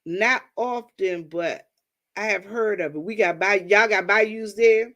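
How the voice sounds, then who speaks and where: A woman's voice: medium pitch, a little slow, fairly bright tone. A woman from Washington, D.C. hosting a livestream, chatting casually with viewers and telling stories, calling them y'all. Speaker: livestream host.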